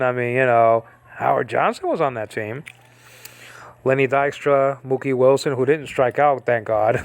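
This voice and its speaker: A man's voice: mid-range voice, creaky, no room sound. A man giving a casual online lesson on biblical Greek letters, rambling and digressive, with many restarts. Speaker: Greek teacher.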